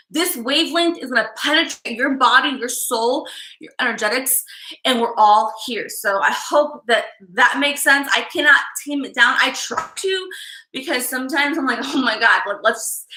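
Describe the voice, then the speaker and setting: Intense, high-voiced woman on a live stream. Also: echoey room, rough recording. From Chicago. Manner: intense, fast and energetic. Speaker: psychic livestream host. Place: live-stream setup, indoors.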